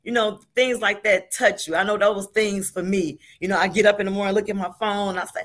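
A grandmother chats casually as a talk-show guest, her mid-range voice a bit bright, brisk, and fairly even in intonation. She speaks earnestly and often repeats words to underline her point.

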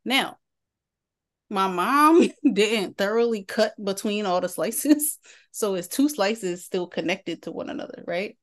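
Animated woman telling a story. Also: medium pitch, takes it slowly. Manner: animated storyteller, laughs mid-sentence. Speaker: podcast co-host. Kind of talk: casual storytelling chat.

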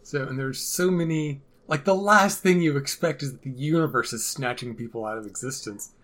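A man's voice: mid-range voice, normal speed, fairly bright tone. A man co-hosting a casual podcast about a TV episode, making dry, sarcastic jokes. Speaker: podcast co-host.

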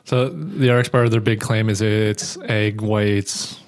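A man's voice: fairly low pitch, steady tone, slow pace. A man co-hosting a podcast in casual chat, describing things in a plain, matter-of-fact, detailed way. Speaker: podcast co-host.

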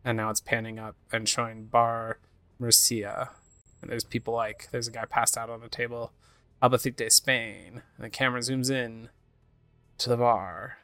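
A man's voice: medium pitch, flat delivery, moderate pace, fairly bright tone, smooth, dry recording. A man giving casual let's-play commentary, describing what happens on screen and sometimes reading game dialogue aloud in put-on voices. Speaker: game streamer.

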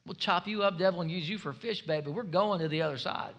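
A man preaching a sermon as pastor, energetic and humorous, building up to shouts. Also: high voice, fast talker, dull audio.

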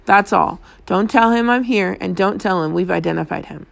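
A steady male police detective, voiced by a woman reading a storybook, calm and measured. The voice has a light gravelly texture and sits close to the narrator's own. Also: mid-range voice. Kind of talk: audiobook character reading.

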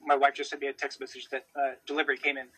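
A man's voice: medium pitch, completely flat delivery, very fast, a bit bright, slightly rough, low-quality recording. A man from the United States co-hosting a podcast from Australia, rambling enthusiastically with many fillers. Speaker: podcast co-host. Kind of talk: casual chat. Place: home in Australia.

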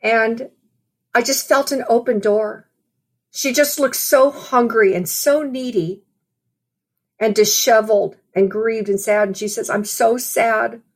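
A woman's voice: fairly high pitch, measured pace. A woman preaching a sermon in a conversational, storytelling way, often saying "you know".

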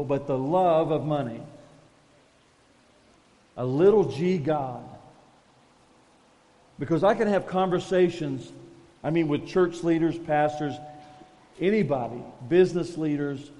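A man's voice: a little high, warm tone, in a large hall. A man preaching a conversational, self-deprecating sermon as a pastor, calling his listeners folks.

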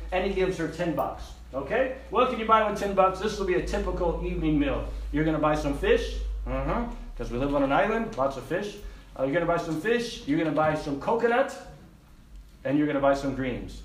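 Male missionary preacher, animated storyteller, echoey hall, distant mic. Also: a little high. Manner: animated storyteller, acts out voices and laughs. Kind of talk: sermon illustration with audience participation. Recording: echoey room, speaker away from mic.

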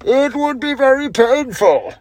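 A man voicing a menacing masked male villain, drawing each word out slowly with cold theatrical menace. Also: very high voice, expressive, a little mellow, a little hiss or hum, pitched above the performer's own voice.

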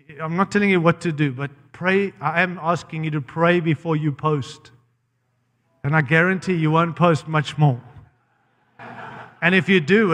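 An American man preaches with a fairly high voice, blunt and impassioned. He often cuts himself off mid-phrase and restarts. His voice rings out with a long reverb, as if in a large church hall. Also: a bit bright. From United States. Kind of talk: sermon.

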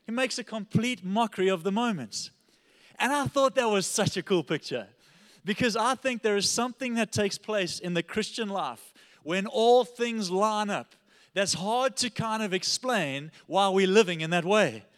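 A male pastor preaching a sermon, telling a story with animated energy and often checking in with "all right?". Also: high voice, normal speed, long reverb tail.

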